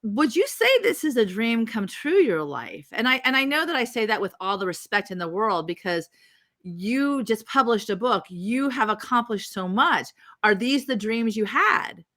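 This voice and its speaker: A woman hosting an interview podcast, asking long questions and affirming her guest warmly. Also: on the high side, lively intonation, moderate pace. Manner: warm, affirming, supportive interviewer. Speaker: podcast host.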